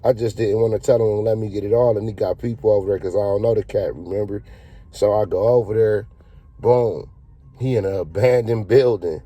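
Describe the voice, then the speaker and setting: A man's voice: on the low side, moderate pace, warm tone, husky, dry recording, muffled recording. A man telling a casual story in a slangy, profane, laid-back way.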